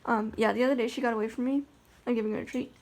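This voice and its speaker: Gravelly, slightly high-voiced woman vlogger. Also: steady tone, very fast, a little mellow, slight background noise. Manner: chatty and rambling, many fillers and restarts. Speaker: vlogger with a guide dog. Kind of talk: casual vlog chat.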